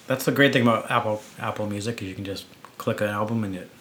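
A man's voice: on the low side, quick pace, slight background noise. Clergyman co-host telling a story. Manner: animated storytelling, fillers like "you know", "like". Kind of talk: casual chat.

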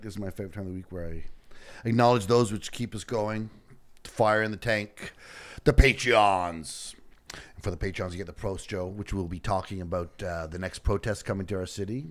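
A man with a lowish voice co-hosts a casual podcast, upbeat and quick to laugh. He hams up shout-outs to listeners with flourish. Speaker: podcast co-host.

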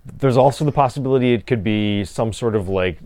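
A man's voice: mid-range voice, fairly quick, darkish tone. A young man chatting casually about video game news, rambling with lots of fillers and restarts. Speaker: podcast co-host. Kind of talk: casual gaming news chat.

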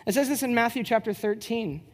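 A woman's voice: a little high, brisk. Chatty woman teaching about healing. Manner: lively storyteller who acts out quoted dialogue; conversational, with fillers and rhetorical questions. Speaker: church teacher.

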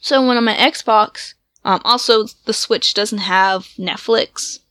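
A woman's voice: mid-range voice, a little slow, pushed and bright, no echo, clean studio sound. A woman chatting casually as a co-host, rambling as she goes. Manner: rambling, with many fillers and restarts. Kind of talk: casual chat.

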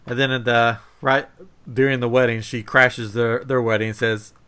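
A man's voice: medium pitch, moderate pace, smooth. A man co-hosting a casual podcast chat, recapping a TV episode with lots of laughter. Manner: animated, laughs often, recaps plot. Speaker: podcast co-host.

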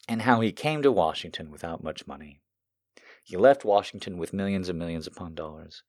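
A very deep-voiced man delivering a fired-up political rant, swearing freely and letting his emotions show. His voice sits low, close and dry, with no room around it. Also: expressive, normal speed, darkish tone, no echo. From United States. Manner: heated, profane, emotional. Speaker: political commentator.

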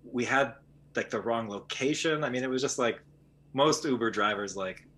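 A man who is fluent in Arabic, a guest in a casual chat, talking in a relaxed, rambling way. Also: medium pitch, normal speed. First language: speaks Arabic fluently.

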